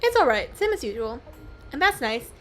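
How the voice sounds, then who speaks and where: A woman voicing a sleepy, laid-back young frog lounging in a warm pot, reading its lines aloud in a game. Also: sits high, big pitch swings, normal speed, faint music behind. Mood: lazy.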